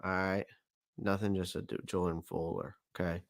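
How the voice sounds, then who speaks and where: A man's voice: low voice, level tone, moderate pace, vocal fry, dry recording. A man hosting a casual live-stream sports talk show, rambling and repeating himself as he reads viewer comments.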